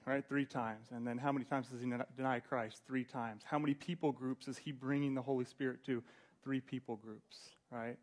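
A man's voice: medium pitch, fairly even intonation, moderate pace. A man preaching a casual sermon, reading scripture aloud and retelling it in loose everyday slang.

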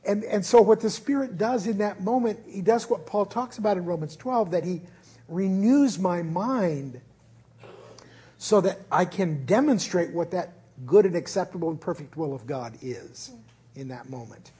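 Pastor, man, earnest informal sermon talk, often restarting, high husky voice. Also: lively intonation, normal speed, warm tone. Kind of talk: conversational sermon. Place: church service.

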